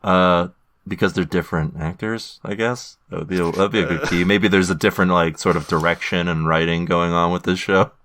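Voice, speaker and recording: A man with a very deep voice chatting casually as a podcast host. He halts often, with ums and restarts. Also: fairly even intonation, fairly quick, fairly bright tone, slight background noise. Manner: hesitant, many ums and restarts. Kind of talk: casual chat.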